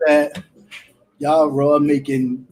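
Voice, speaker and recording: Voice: mid-range voice, level tone, very slow, darkish tone, a little hiss or hum. A talk show host in casual chat, chatty and laughing easily, greeting a live chat audience.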